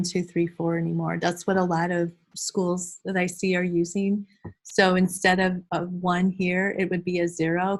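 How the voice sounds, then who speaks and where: A middle-aged woman training teachers over a video call, animated and teacherly, acting out classroom routines. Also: on the low side. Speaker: early childhood behavior trainer. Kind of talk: online class presentation. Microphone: computer mic on a video call.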